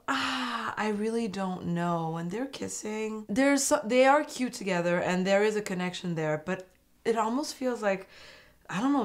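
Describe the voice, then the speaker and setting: A woman giving a chatty recap commentary, laughing often and acting out quotes. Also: lowish voice. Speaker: recap vlogger.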